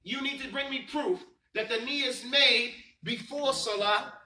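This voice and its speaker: A man's voice: extremely high pitch, a little slow, pushed and bright, roomy sound, recorded from a distance, slight background noise, low-quality recording. A man teaching a religious class, quizzing his students and stressing key points. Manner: quizzing students, emphatic and repetitive. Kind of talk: classroom lesson with call and response.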